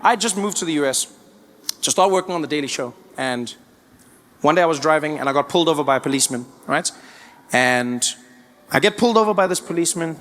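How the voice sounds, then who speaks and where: A man's voice: fairly high pitch, quick pace, in a large hall. A man from Africa, telling stories in a stand-up comedy set. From South Africa. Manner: animated storytelling.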